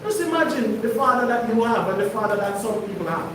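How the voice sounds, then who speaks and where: A man's voice: high-pitched, animated, fast talker, a bit bright, a little hiss or hum. A man preaching to his congregation, emphatic and conversational, often putting questions to the listeners. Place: congregation hall. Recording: echoey room, mic far off.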